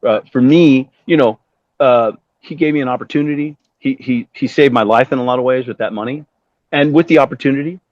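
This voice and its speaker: A man in his fifties, a guest musician, telling stories in a lively, casual way and swearing freely. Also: mid-range voice, fairly quick, no echo. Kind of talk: animated storytelling interview. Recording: dull dry lo-fi sound.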